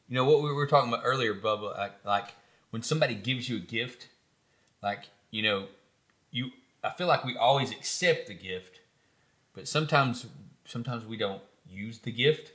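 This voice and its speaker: A man co-hosting a casual podcast, animated and joking, often lifting his voice. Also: mid-range voice, normal speed. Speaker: podcast co-host. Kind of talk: casual chat.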